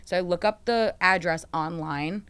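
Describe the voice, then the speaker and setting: Telling stories on her podcast, a young female host chats casually, acts out the quotes, and swears frequently in an animated way. She speaks at normal speed in a fairly low, clear, resonant voice.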